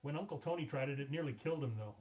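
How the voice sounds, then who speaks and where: A man co-hosting a casual live stream, throwing in quick side remarks and keeping track of the time from away from the microphone. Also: on the high side, darkish tone, poor audio.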